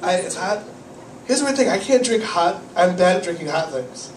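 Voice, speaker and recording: In an echoey cafe hosting a small comedy night, a camera far back in the audience records a man with a cold doing a rambling, self-deprecating routine, swearing and worrying aloud. He talks at a moderate pace in a high voice with lively intonation, and noise is audible.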